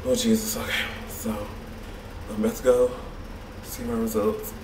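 A man's voice: medium pitch, very animated, normal speed, creaky, background noise. A man in his twenties vlogging from a home bathroom, chatty and nervous, with a sassy way of talking. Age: 20s. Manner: nervous, chatty, sassy, says "girl" often. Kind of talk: casual vlog talk. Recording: roomy echo, slightly distant.

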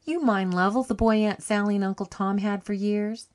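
A woman reading an audiobook, voicing a cheery, warm-hearted country farm wife with a folksy rustic dialect. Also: medium pitch, fairly even intonation, normal speed, pitched above the performer's own voice, close to an everyday voice. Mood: welcoming.

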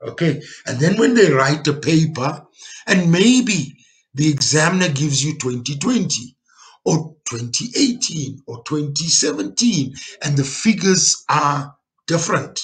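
A man teaching a geography lesson over slides. He checks in often with "okay" and "all right" and pushes key words out loudly. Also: on the high side, expressive, measured pace. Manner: stresses key words with sudden loud pushes.

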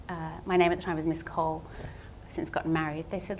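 A woman's voice: on the low side, steady tone, fast talker, hardly any pauses, slight background noise. A woman giving a public talk as a guest artist, telling her story in a candid, self-deprecating way. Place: talk venue at a justice centre.

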